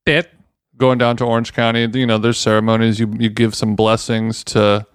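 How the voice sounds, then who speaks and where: A man's voice: mid-range voice, little pitch movement, normal speed, clear, resonant tone, no room sound, clean studio sound. A man co-hosting a podcast, joking in a laid-back casual chat and laughing often. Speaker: podcast co-host.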